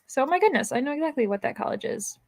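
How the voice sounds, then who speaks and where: Chatty woman with a slightly high voice. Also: expressive, gravelly, darkish tone. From upstate New York. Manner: chatty, many fillers like "like", quick laughs. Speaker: guest. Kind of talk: casual chat.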